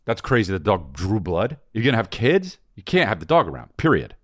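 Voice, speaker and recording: A man co-hosting a podcast, talking loudly in a casual, joking, boastful way. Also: fairly low pitch, fairly quick, no room sound, clean studio sound. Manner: loud, animated, joking bravado. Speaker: podcast co-host. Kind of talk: casual comedic chat.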